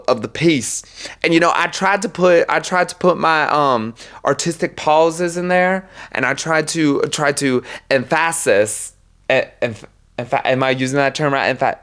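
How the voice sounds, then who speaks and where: A man's voice: medium pitch, fairly bright tone. A young man hosting a solo podcast from a room at home, theatrical and self-mocking, swearing freely. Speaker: podcast host. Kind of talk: solo podcast chat about poetry.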